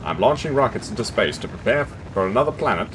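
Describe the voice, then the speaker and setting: A man voicing a cheery old-timey male radio announcer with a transatlantic accent, in a booming, showy delivery. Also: expressive, quick pace, slight background noise, lightly acted.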